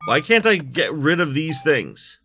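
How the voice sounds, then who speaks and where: A man's voice: a little high, big pitch swings, measured pace, pushed and bright, soft background music. A man in his thirties giving rambling let's play commentary, full of likes and you knows. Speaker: gaming YouTuber.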